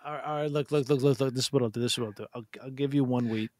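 A man's voice: mid-range voice, steady tone, racing, darkish tone, no echo, clean studio sound. A man improvising a weary trader in a comedy sketch, rambling and hesitant. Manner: rambling, hesitant, full of ums.

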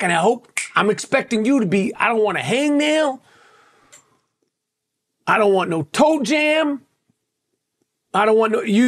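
Podcast host, New York man, high voice, brash profane rant. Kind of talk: ranting podcast monologue.

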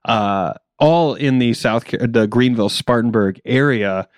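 A young man from South Carolina with a general American accent, talking loosely in a casual chat and often stopping to restart his sentences. He laughs often as he goes, at a middle pitch. The sound is close and dry, with no room echo. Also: measured pace. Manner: rambling, self-interrupting, laughs often. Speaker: stand-up comedian guest.

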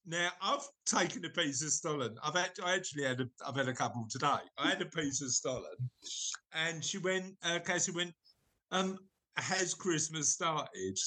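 A man hosting a casual podcast, his voice bright and forward. He rambles, restarts his sentences and keeps slipping in jokes. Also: fairly high pitch, moderate pace. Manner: rambling, self-correcting, jokey. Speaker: podcast host. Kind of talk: casual chat.

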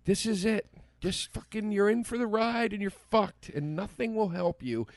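A man's voice: high voice, moderate pace, no room sound, clean studio sound. A man in a casual podcast chat, ranting passionately and swearing freely. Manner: impassioned, profane ranting.

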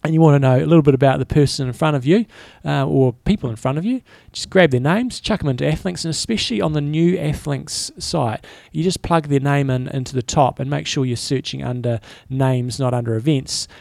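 A man with a gravelly, creaky voice chatting casually on a podcast. He rambles in a relaxed way and restarts his sentences often. The sound is close and dry. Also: on the high side, brisk, few pauses, dry recording. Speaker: podcast co-host. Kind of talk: casual chat.

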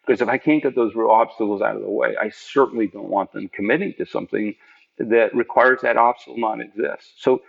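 A man, a program manager, telling an interviewer about his work in an earnest, emphatic way and jumping up in pitch to stress his points. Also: steady tone, a little fast, vocal fry. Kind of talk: conversational storytelling in an interview. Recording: dull lo-fi audio.

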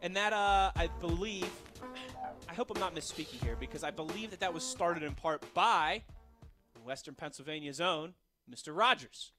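A man's voice: on the high side, expressive, moderate pace, over music. A man hosting a sports talk radio show from a studio, upbeat, jokey and chatty. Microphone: studio microphone.

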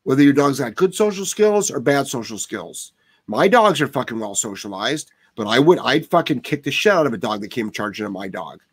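A man's voice: medium pitch, very animated, brisk, slightly rough. A man who trains dogs, answering viewer questions live in a blunt, profane way that heats up into rants. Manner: blunt, swears often, heated rants.

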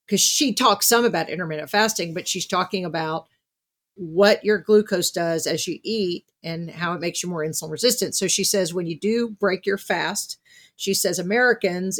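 A woman hosting a podcast interview, chatting casually and retelling what she has read with lively asides. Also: lowish voice. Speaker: podcast host.

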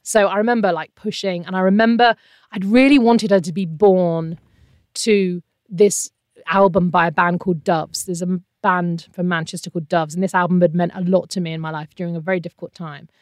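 A woman's voice: fairly low pitch, steady tone, a little fast, darkish tone, no echo, studio quality. A middle-aged woman, a former radio presenter, telling a personal story in an interview, candid and emotional, often trailing off. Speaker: interview guest.

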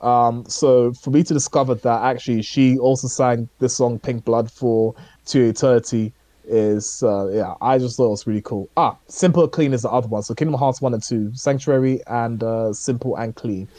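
A podcast co-host chats casually about shows he's been watching, his voice mellow and dark at medium pitch with fairly even intonation and normal speed. He rambles and hesitates, filling gaps with lots of ums and uhs. The recording is dry and close, with no room sound.

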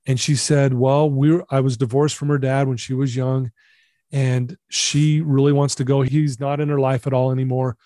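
Middle-aged man, interview guest, earnest animated storyteller, warm mellow tone, dry close sound. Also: medium pitch, moderate pace, no echo.

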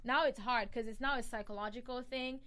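A young woman with a slightly high voice and a lightly Cameroonian accent that leans American. She chats in a podcast, telling anecdotes with animated energy and acting out the people in her stories. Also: fairly quick. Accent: Cameroonian, softened toward American. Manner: animated storyteller, acts out quoted people. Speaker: podcast host. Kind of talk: casual conversational podcast chat.

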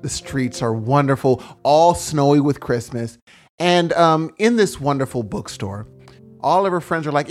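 A man co-hosting a comedy podcast, rambling through an improvised story and acting out its characters in quick voices. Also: a little high, expressive, faint music behind.

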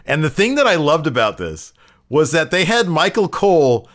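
A man's voice: fairly high pitch, very animated, moderate pace, fairly bright tone. A man co-hosting a podcast, retelling wrestling moments in a chatty, laughing way. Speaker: podcast co-host. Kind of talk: casual wrestling recap chat.

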